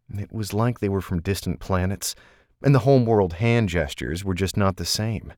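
A male narrator reads a novel with a measured, steady delivery. His voice sits very low, and the recording is close and dry with no room sound. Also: dry recording. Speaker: audiobook narrator. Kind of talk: scripted narration.

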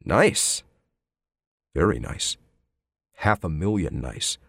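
A man's voice: sits low, very animated, takes it slowly, vocal fry, fairly bright tone, dry recording, exaggerated voice. A man voicing a mocking detective. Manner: mocking, probing questions. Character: sardonic needling male police detective. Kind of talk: audiobook character voice.

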